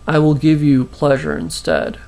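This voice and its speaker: A man voicing a devoted, protective young man in a self-written story, read flatly. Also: on the high side, moderate pace, gravelly. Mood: earnest.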